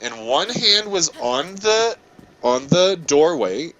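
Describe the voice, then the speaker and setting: A man's voice: fairly high pitch, takes it slowly, lo-fi sound. A man casually telling a story with lots of swearing and restarts while playing a video game. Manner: animated, swearing, tells an angry story with many restarts. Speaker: gaming channel host. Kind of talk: casual storytelling over gameplay.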